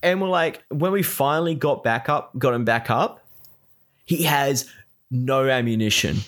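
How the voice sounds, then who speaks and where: A man tells a gaming story in a loose, casual chat. He is exasperated and swears freely, and he rambles with many restarts. His voice sits in a middle, ordinary pitch. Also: unhurried, fairly bright tone.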